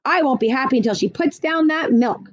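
A woman's voice: sits high, expressive, brisk, no echo. A woman puts on a glum, muttering tomcat for a storybook reading, grumbling under his breath. The sound is dry and slightly dull. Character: grumbling put-upon house cat, male.

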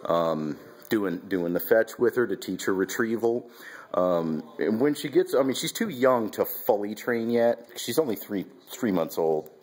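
Husky low-voiced man talking about his dog. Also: lively intonation, unhurried, darkish tone. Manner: rambling, with fillers and restarts. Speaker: dog trainer vlogger. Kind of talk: casual instructional vlog. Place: at home, then outdoors with a dog.

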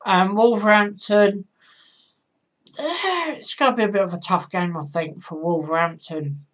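With a mid-range voice and a slightly slow delivery, a woman presents match predictions on her own football channel. Her manner is relaxed and unsure, peppered with ums and self-corrections.

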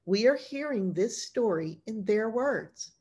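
A woman's voice: on the high side, expressive, measured pace, a little mellow, slightly rough. A woman pastor teaching an informal Bible class, retelling stories in a chatty, colloquial way.

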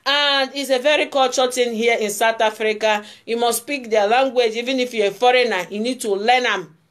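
A woman's voice: fairly high pitch, fairly even intonation, brisk, fairly bright tone. A woman talking earnestly to her channel's viewers, repeating herself and using many fillers. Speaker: YouTube channel host. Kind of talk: casual monologue.

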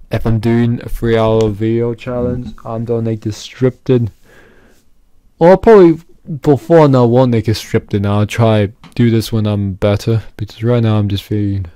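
A worn-out YouTuber rambles through an unscripted vlog, repeating himself and poking fun at himself. His voice is fairly low and mellow.

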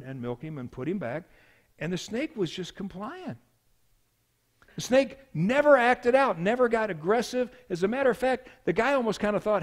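A man preaching a sermon as pastor, telling a story with swings from hushed to loud. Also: high-pitched.

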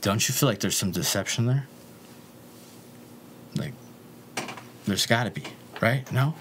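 A young man with a fairly low voice rambles through a profane story. He drifts from loud outbursts down to quiet mutters, with a faint hiss of noise under the recording. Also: lively intonation, unhurried. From Southern California. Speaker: interview guest.

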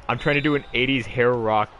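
A man's voice: mid-range voice, fairly even intonation, normal speed, a bit bright, dull audio, a little hiss or hum. Young man cracking crude jokes while gaming. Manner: crude joking. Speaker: gamer. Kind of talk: casual game chat stream.

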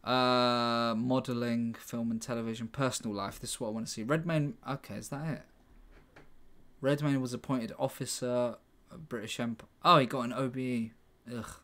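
A man talks to himself as he writes, thinking out loud in a loose, casual way. He reads text aloud and breaks off with sarcastic, muttered remarks. His voice sits at an ordinary middle pitch. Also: fairly even intonation, normal speed. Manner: sarcastic, muttered asides while reading aloud.

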